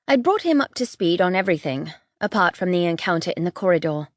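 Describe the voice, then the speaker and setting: A woman narrating a first-person fantasy audiobook in a tense, measured way. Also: on the low side, animated, no echo, studio quality.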